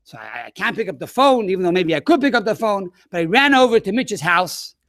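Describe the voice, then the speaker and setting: A man, a rabbi, telling an animated story to schoolchildren over a webinar. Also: high-pitched, fairly quick, dry recording, studio quality. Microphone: webinar microphone.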